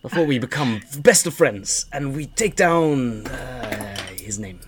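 A man's voice: medium pitch, lively intonation. A man doing a muddled stranger with a shaky Russian accent. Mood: flustered. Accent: attempted Russian accent. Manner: rambling, halting, broken phrasing, drifting into whispers. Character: confused forgetful stranger muttering to unseen voices. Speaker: game master voicing a character. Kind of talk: tabletop role-play.

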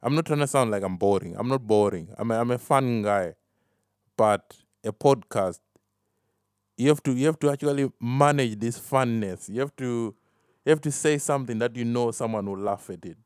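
A mid-range, darkish, clean male voice at a moderate pace, recorded dry in a clean studio. The podcast host talks solo, rambling and mocking himself, laughing at his own jokes and slipping "fam" into his speech.

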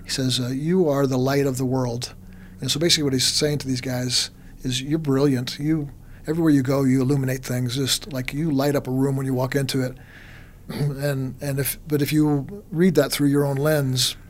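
In casual conversation, a man explains ideas animatedly, restarting often and quoting imagined voices as he acts out others' thoughts. His voice is medium in pitch at a normal speed. A little hiss or hum sits in the background.

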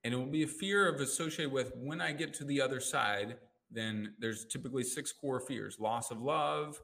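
A man speaks as a life coach in a relaxed, chatty interview, with a voice of middling pitch. He talks in an animated way and acts out the voices in his head with sudden jumps in pitch. Now and then he chuckles at himself while telling stories. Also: normal speed, creaky. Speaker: life coach and NLP practitioner. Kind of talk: casual conversational interview.

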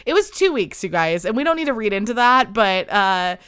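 A young woman talks through a casual solo podcast, animated and chatty, laughing often. Her voice is bright and crisp, smooth and clear. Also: mid-range voice, fairly quick. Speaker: podcast host.

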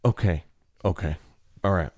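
A man's voice: deep voice, moderate pace, a little mellow, dry recording, studio quality. A man playing a patient film director in a comedy sketch, explaining and stammering. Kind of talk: comedic scripted banter.

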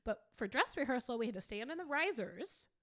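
Woman co-host, casual and profane, slightly high voice, blunt delivery. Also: big pitch swings, fairly quick, a bit bright. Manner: blunt, swears freely, trails off and restarts. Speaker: podcast co-host.

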